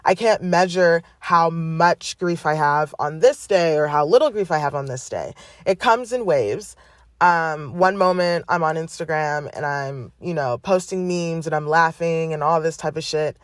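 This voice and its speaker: A woman hosting a podcast, speaking in a candid personal monologue, blunt and full of swearing, with halting restarts. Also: sits low, no room sound, clean studio sound. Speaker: podcast host.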